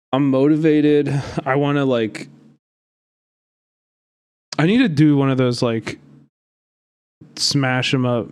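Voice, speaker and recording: A man's voice: mid-range voice, darkish tone, clear, resonant tone. A young man streaming live, giving heated, rambling commentary and swearing often.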